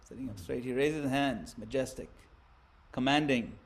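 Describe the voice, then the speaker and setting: A man giving a religious lesson, narrating a scene vividly with theatrical swings between loud and hushed delivery. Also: medium pitch, normal speed. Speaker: religious teacher. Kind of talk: dramatic storytelling lecture.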